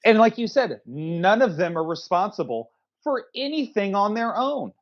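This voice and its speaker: A man co-hosts a casual movie review podcast with a crude, ranting delivery. His pitch swings widely, and the recording sounds dull and lo-fi. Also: sing-song, normal speed.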